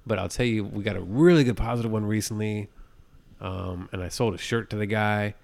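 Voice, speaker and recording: A man's voice: lowish voice, brisk, gravelly, darkish tone. A man co-hosting a podcast in casual chat, telling rambling stories and often checking in with "you know what I'm saying". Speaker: podcast co-host.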